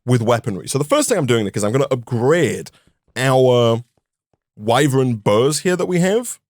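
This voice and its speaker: A man's voice: medium pitch, animated, normal speed, a little mellow, dry recording. A young man co-hosting a gaming video, casually explaining his plans and handing out tasks with some dry banter. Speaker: gaming channel co-host. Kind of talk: casual gameplay chat.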